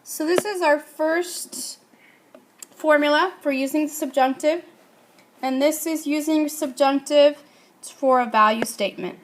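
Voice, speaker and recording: Woman teacher, slow and deliberate, quizzes the class and answers herself. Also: sits high, slight background noise. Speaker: Spanish teacher. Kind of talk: classroom grammar lesson.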